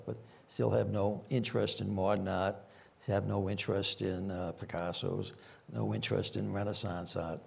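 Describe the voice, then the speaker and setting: A man's voice: on the low side, gravelly, a little mellow, slightly rough. An older man with a Boston accent, a former police chief telling rambling anecdotes with frequent fillers at a conference panel.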